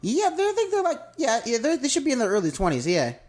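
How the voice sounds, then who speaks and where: A Southern American man co-hosts a podcast, chatting casually in slang about an anime episode and acting out the characters' lines. His voice is extremely high-pitched with huge pitch swings, a quick pace and a slightly mellow tone.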